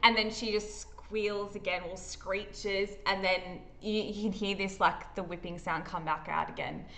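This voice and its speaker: A woman with an Australian accent running a tabletop horror game as game master, describing the scene vividly and halting often with fillers. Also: mid-range voice, steady tone, a bit bright.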